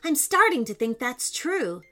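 A woman's voice: high voice, big pitch swings, a little slow, bright, forceful tone, soft background music, full character voice. A woman voicing an earnest young boy who plays video games with his little brother. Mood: eager.

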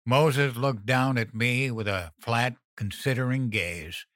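A man reading a first-person horror story as an audiobook narrator, tense and measured. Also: mid-range voice, a bit bright, no echo, studio quality.

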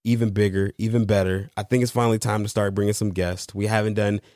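A man's voice: on the low side, level tone, quick pace, darkish tone, dry recording, studio quality. A man co-hosting a casual podcast with his wife, playful and teasing. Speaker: podcast co-host. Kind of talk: casual chat.

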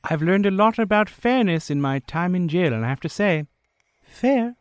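A man's voice: sits high, animated, normal speed, clear, resonant tone, dry recording, voice pushed up. A man voicing a pompous, haughty wizard locked in a jail cell, theatrical in his speech. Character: pompous diminished male wizard prisoner.

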